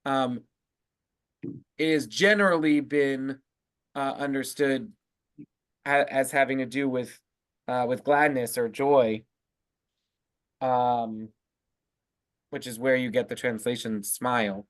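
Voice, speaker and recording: A man teaching as a rabbi, explaining word meanings in a halting way full of fillers and restarts. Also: medium pitch, steady tone, no room sound. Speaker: rabbi leading a text study. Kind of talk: casual teaching discussion.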